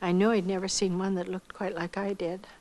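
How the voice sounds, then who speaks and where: A woman's voice: mid-range voice, fairly quick, low-quality recording. Older woman telling a vivid life story. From Iowa, United States. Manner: storytelling, acting out others' lines with lively voices. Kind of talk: spoken personal testimony.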